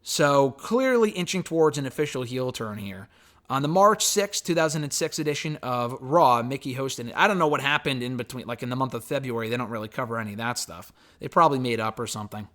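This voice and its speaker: A man's voice: mid-range voice, a little fast, a bit bright. A man giving a loose, chatty spoken recap and review of a wrestling show. He swears casually and waves off details with "blah, blah, blah.".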